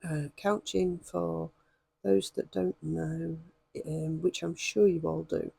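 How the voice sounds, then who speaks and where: A woman with a hoarse voice, chatting and rambling with many ums as she demonstrates stitching in a craft vlog. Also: deep voice, fairly even intonation, slow pace, dark tone, no echo. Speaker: craft vlogger.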